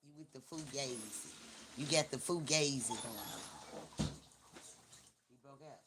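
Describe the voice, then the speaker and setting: Over a noisy background, a Memphis, Tennessee woman with a bass voice and an unhurried, Southern-accented delivery hosts a live stream. She teases, repeats herself and talks in a blunt, slangy, casual way.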